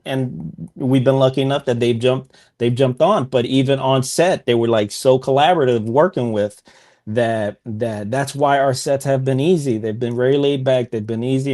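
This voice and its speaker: A man as a podcast guest in a casual interview, a relaxed storyteller who speaks bluntly and laughs at himself. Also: medium pitch, normal speed. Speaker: podcast guest, filmmaker and veteran.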